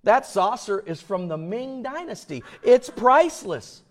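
A man voicing a shrewd male junk store owner in a sermon joke, speaking in a low, flat, dismissive way. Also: a little slow. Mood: dismissive, sly.

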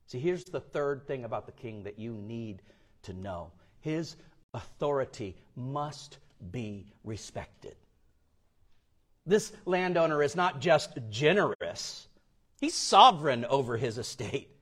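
A man preaching a sermon, swinging between hushed asides and loud emphatic peaks, acting out voices in his stories. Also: medium pitch, lively intonation, takes it slowly, pauses often. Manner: dynamic preacher, swings from quiet to loud, acts out quotes. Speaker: pastor.

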